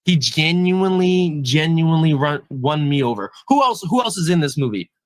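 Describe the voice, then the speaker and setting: A man co-hosting a podcast, chatting casually about a movie in a hyped, animated way and often repeating himself. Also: on the high side, moderate pace, no echo. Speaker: podcast co-host. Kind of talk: casual movie review chat.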